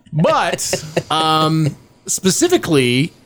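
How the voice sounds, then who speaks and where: A man hosting a podcast, asking questions and throwing in quick friendly asides. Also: on the high side, big pitch swings, a bit bright. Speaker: podcast host. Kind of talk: casual interview chat.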